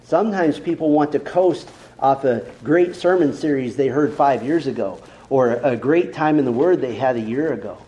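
A man's voice: medium pitch, normal speed, dark tone, lo-fi sound. A male pastor preaching a sermon in a direct, conversational way, full of rhetorical questions to the congregation.

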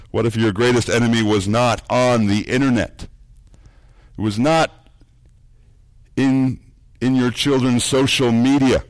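A man preaching a sermon, earnest, repeating words as he builds points and dropping low and soft for emphasis. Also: a little slow, no room sound. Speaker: pastor.

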